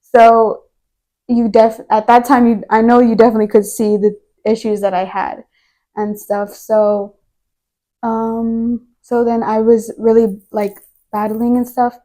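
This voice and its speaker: Here is a young woman in a podcast interview, recounting her faith testimony in an earnest, rambling manner and leaning on lots of filler words. Her voice sits a little high and sounds soft and mellow. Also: little pitch movement, unhurried. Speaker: guest.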